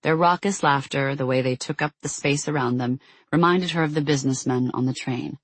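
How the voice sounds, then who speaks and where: An audiobook narrator reading fiction in a measured, even storytelling manner with a husky voice. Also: medium pitch, no room sound. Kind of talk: scripted narration.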